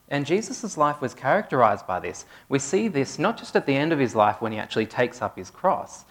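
A man giving a conversational sermon, asking his congregation questions as he goes. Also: mid-range voice. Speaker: preacher. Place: church hall with a congregation.

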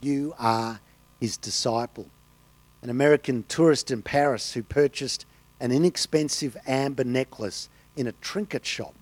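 A man's voice: mid-range voice, a little mellow, no echo. A man preaching a sermon, telling stories and delivering quotes with emphasis. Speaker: pastor.

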